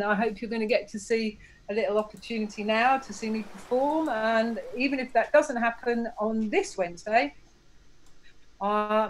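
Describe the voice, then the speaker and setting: A woman's voice: a little high, low-quality recording. A woman, a drag king performer, chatting informally and joking while announcing her upcoming online shows. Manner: chatty and informal, with light jokes. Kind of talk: casual announcement to an online audience.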